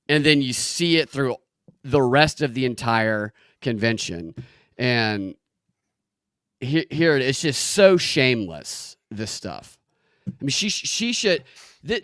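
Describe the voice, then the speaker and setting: A man's voice: medium pitch, fairly bright tone, no room sound, studio quality. A man hosting a podcast, giving sarcastic political commentary and often stammering and restarting his sentences. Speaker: podcast host.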